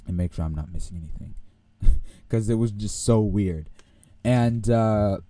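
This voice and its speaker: A young man hosting a podcast, telling a rambling, animated story and laughing often. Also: on the low side, dry recording. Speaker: podcast host. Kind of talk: casual storytelling.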